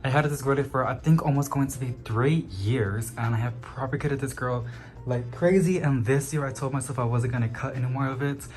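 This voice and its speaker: A man walks through an apartment packed with houseplants, talking fast and chatty. He recorded it on the camera's own mic as he moves. Soft music plays quietly underneath. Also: medium pitch. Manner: chatty, talks fast, calls plants "girly". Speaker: plant channel host. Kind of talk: casual home tour vlog.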